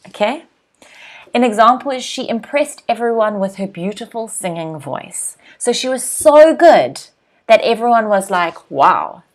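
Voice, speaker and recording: A woman in her thirties teaching an English lesson, repeating words slowly and clearly for pronunciation practice. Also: on the high side.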